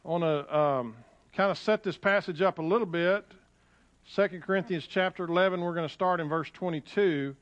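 A man preaching as a pastor in a church, talking in a folksy, conversational way with frequent restarts, and reading scripture with rising emphasis. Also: moderate pace. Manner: rises in pitch and volume when reading scripture aloud. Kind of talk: sermon. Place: church sanctuary. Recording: dull, lo-fi sound.

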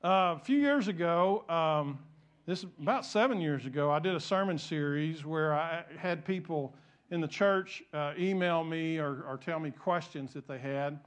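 A man's voice: on the high side, normal speed. A middle-aged man preaching a sermon in church, telling a folksy story with frequent restarts and asides to the congregation. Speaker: pastor.

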